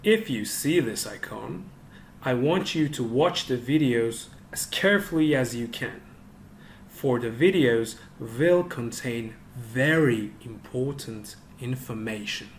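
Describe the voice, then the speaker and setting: Slow, clear-speaking male teacher. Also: mid-range voice, slight background noise. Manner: slow, clear instructional delivery. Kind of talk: online English lesson for children.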